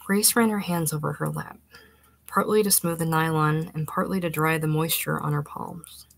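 A woman reading a literary short story aloud in a measured, expressive way. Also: low-pitched, vocal fry, slightly rough, no room sound, poor audio. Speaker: narrator.

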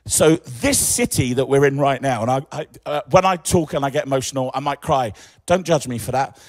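An English man in his forties, emceeing an event with lively, joking stage talk. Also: mid-range voice, brisk, no echo. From England. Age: 40s. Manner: animated, joking, chatty.

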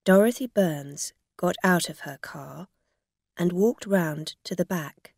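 A woman narrates a simple learner's story very slowly and carefully. Her voice has a gravelly edge, and the recording is dry and close. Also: fairly low pitch, darkish tone, no room sound. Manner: slow, careful, plain reading. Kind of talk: graded-reader story narration.

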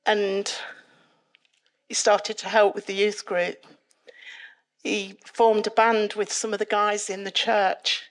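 A middle-aged woman, giving a dramatic, lively personal testimony at a church event. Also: slow pace, pauses often. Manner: dramatic, lively retelling that climbs in pitch and volume. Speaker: guest speaker giving a testimony. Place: church worship event, live audience.

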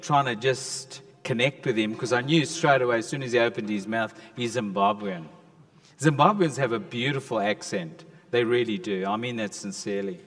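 A man, a pastor addressing his church in a chatty storytelling way. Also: fairly low pitch. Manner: slow, chatty storytelling with warm asides. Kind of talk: casual address to a congregation. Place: church hall. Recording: long church hall reverb.

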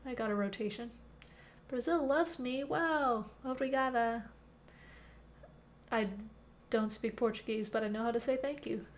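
A young woman hosts a casual live coding stream from a temporary home setup, reading chat aloud and answering questions with lots of fillers. Her voice sits on the high side at a normal speed, picked up by a headphone mic with slight background noise.

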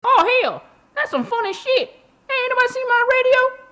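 A man's synthetic voice puts on a squeaky, swooping slacker firefighter from a cartoon skit. He drawls his slang and repeats himself. The tone is high and bright and lurches up and down. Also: very animated, moderate pace, exaggerated voice. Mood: boastful. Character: dim-witted lazy young firefighter.

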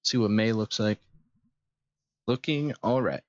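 A man's voice: fairly low pitch, unhurried, no echo. A man hosting a gameplay video, making laid-back, mumbly asides between reading lines. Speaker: gaming video host. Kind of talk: casual gameplay commentary. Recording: dull dry game capture with music.

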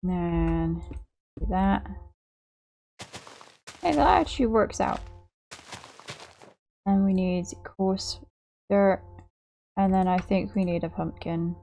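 A woman's voice: medium pitch, slow, vocal fry, pauses often, dark tone, slight background noise. A young woman giving gameplay commentary as a channel host, apologetic and self-mocking, often laughing at her own work.

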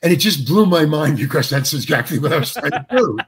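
An older man, an actor being interviewed, telling a story in a halting way with many restarts and acted-out quotes. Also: a little high, animated.

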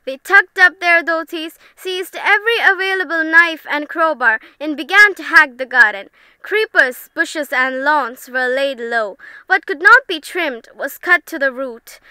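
A woman narrating a short film in a steady, read-aloud storytelling manner. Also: high-pitched, a little slow, no echo.

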